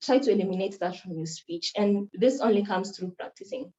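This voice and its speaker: A woman's voice: mid-range voice, fairly quick, dark tone. Woman coaching in a roomy, muffled recording. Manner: earnest, instructive, repeats key points. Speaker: moot court presenter. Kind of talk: workshop talk. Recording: roomy, dull lo-fi sound.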